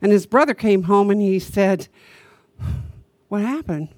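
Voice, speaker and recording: A woman minister delivers a chatty sermon at a mid-range pitch, turning to her listeners with rhetorical questions. She slows down to lean on her main points. The sound is dry and close, with almost no room echo. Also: darkish tone. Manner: conversational, asks the congregation rhetorical questions. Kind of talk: sermon with storytelling.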